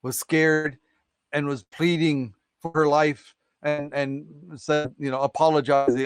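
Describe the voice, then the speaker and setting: A man tells a folktale on a live stream in a loose, rambling way, checking in with his listeners constantly. His voice is clear and smooth, recorded up close with a dry sound. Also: a little high, little pitch movement, measured pace, no room sound. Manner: rambling, filler-heavy, keeps asking "right?".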